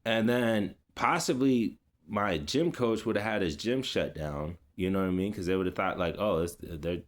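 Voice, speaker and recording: A man's voice: fairly low pitch, moderate pace. A man vlogging, telling a personal story in a casual, rambling way with many fillers, restarts and street slang. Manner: laid-back street slang.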